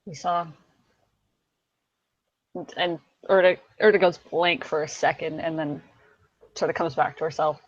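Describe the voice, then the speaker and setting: A woman's voice: low voice, fairly even intonation, measured pace, pauses often, no echo. A woman playing a tabletop game, describing her actions plainly and matter-of-factly. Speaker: player. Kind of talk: casual tabletop play. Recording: dry, dull lo-fi mic.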